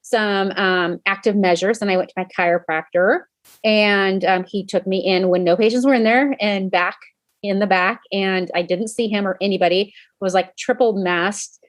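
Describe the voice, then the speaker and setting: A woman podcast host and coach with a medium-pitched, steady voice tells a personal story at a normal speed, talking straight to her listeners in a casual, chatty way. She uses lots of "um"s and corrects herself often, and the recording is dry.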